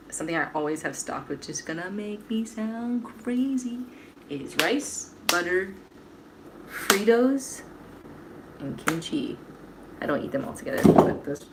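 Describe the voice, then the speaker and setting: A woman's voice: fairly low pitch, background noise. A young woman hosting a baking livestream from her home kitchen, chatting casually, joking at her own expense and answering viewers' comments. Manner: chatty, self-deprecating, reads viewer comments aloud.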